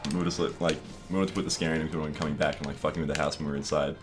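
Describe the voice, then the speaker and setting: A young Australian man co-hosts a relaxed gaming chat, his voice rumbling and low as he talks very fast over faint background music. He spins an animated story packed with swearing and acted-out voices.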